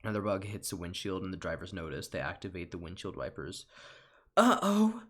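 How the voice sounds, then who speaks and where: Young man, deep voice, deadpan home-recorded script read, tired. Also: fast. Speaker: online comedian. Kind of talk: comedic script reading.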